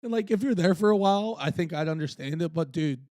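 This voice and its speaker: A man's voice: a little high, lively intonation, quick pace, mellow, no room sound, clean studio sound. A young man co-hosting a casual sports podcast, laid-back and swearing freely. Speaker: podcast co-host.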